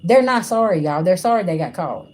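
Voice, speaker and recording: A woman's voice: lowish voice, lively intonation, fairly quick, darkish tone, slight background noise. A woman doing a livestream spiritual reading, talking bluntly and casually to her viewers. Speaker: spiritual reader. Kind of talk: livestream tarot-style reading.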